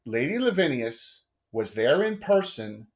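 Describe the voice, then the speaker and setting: A man's voice: medium pitch, sing-song, measured pace. A man running a live tabletop game as game master, talking in a rambling way with many fillers and restarts.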